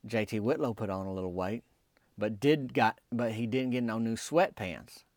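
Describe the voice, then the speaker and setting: A man telling a rambling, deadpan comic story in folksy country talk. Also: fairly low pitch, normal speed, no echo, studio quality. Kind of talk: deadpan comedic storytelling monologue.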